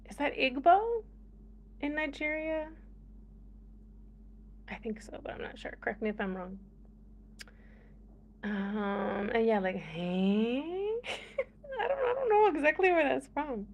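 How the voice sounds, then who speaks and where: Young American woman, relaxed vlogger, slow easy delivery, giggles between lines. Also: high voice, lo-fi sound, a little hiss or hum. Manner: laughs often, chatty and playful. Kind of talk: casual chat to camera.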